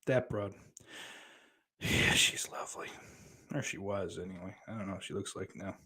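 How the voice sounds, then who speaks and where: A man's voice: deep voice, normal speed, bright, forceful tone, breathy edge. A man co-hosting a podcast, reading live chat comments aloud in crude casual banter, laughing often and swearing freely.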